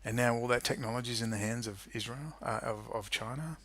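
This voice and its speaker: A man's voice: mid-range voice, a little fast, very noisy. A man delivering an angry, sarcastic political rant to camera, swearing freely. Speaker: political commentary youtuber. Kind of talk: ranting monologue to camera.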